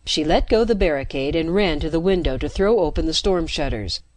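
A woman narrating a science fiction story with steady, dramatic pacing into a close mic. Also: low voice, fairly quick. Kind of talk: scripted narration.

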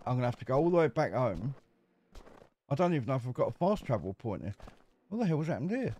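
A man's voice: mid-range voice, sing-song, fast, dark tone, a little hiss or hum. A man giving casual, cheeky commentary while playing a survival game. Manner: chatty, cheeky, jokes with game characters. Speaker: gameplay commentator. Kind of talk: casual let's-play commentary.

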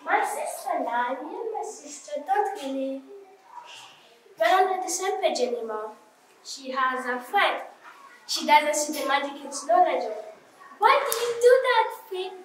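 A woman's voice: high-pitched, lively intonation, a little slow, noisy background. A young woman acting a girl recalling childhood snow angels in a nostalgic stage monologue. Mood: wistful. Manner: nostalgic, storytelling. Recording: echoey hall from far off.

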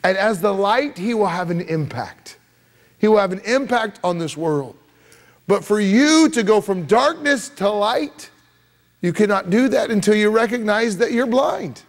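Pastor guy preaching in church, pretty high voice, punchy, keeps repeating himself. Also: expressive, measured pace. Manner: emphatic, repeats words, shifts between loud rises and soft drops. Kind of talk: sermon. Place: church sanctuary.

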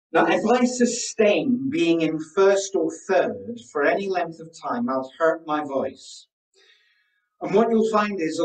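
A man's voice: a little high, a little mellow. A man teaching a live online workshop as a presentation coach, coaching and often asking the audience questions. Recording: roomy sound, distant from the mic.

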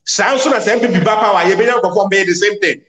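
A man's voice: sits high, quick pace, a bit bright, reverberant, poor audio. A man taking part in a casual discussion, explaining his argument point by point. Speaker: discussion participant. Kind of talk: casual discussion in Twi mixed with English.

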